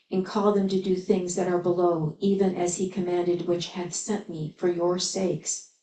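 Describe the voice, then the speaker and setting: A woman's voice: mid-range voice, warm tone. A woman teaching at a spiritual service, reading old scripture aloud and breaking in with chatty, amused asides. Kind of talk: sermon reading scripture with commentary. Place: spiritual center service room. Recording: echoey room, voice from far off.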